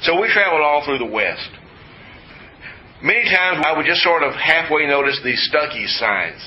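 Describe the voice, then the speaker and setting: A man from West Texas preaching a sermon, stressing and repeating key words with folksy asides, in a slightly muffled recording. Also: fairly high pitch. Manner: emphatic, repetitive teaching with folksy asides. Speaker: pastor. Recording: slightly muffled with faint hiss.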